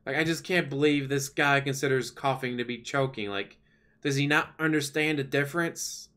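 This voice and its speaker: A man at an ordinary middle pitch rambles to his livestream viewers in a loose, sarcastic way. He grumbles and jokes as he talks, casual rather than scripted. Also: moderate pace, pushed and bright. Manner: complaining, chatty, sarcastic. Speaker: livestream host.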